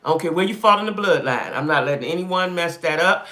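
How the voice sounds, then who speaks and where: Animated, emphatic woman live-streaming. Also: on the low side, fast talker. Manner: emphatic, repeats herself, reads comments aloud. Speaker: livestream host. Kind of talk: casual live-stream chat with viewers.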